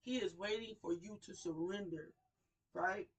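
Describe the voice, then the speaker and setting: Slow, impassioned woman preaching from afar. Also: medium pitch, husky, recorded from a distance, rough recording. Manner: emotional, repetitive preaching cadence, swells and drops in volume. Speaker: radio show host. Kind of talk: impassioned sermon-style talk.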